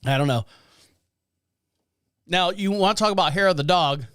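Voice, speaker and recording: Male podcast host, high smooth voice, dry close sound, sarcastic rambling news riffs. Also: moderate pace, fairly bright tone, dry recording. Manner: sarcastic, rambling, laughs at own jokes. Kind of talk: casual news commentary.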